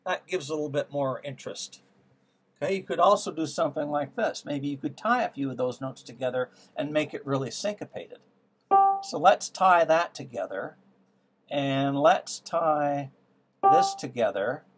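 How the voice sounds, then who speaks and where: A man's voice: on the high side, lively intonation, moderate pace. A man teaching music theory, trying out ideas aloud and musing as he works through them. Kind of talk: thinking-aloud music lesson. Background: piano playing.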